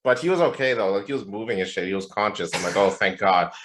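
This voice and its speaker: Deep-voiced laid-back young man. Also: fast, fairly bright tone, a little hiss or hum. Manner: laid-back, slangy, lots of fillers and swearing. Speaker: podcast co-host. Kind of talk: casual storytelling chat.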